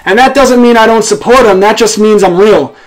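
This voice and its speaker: High-voiced outspoken American man. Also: brisk, rough recording. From United States. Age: young adult. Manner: outspoken and sarcastic, swears freely. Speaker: host. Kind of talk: casual political chat.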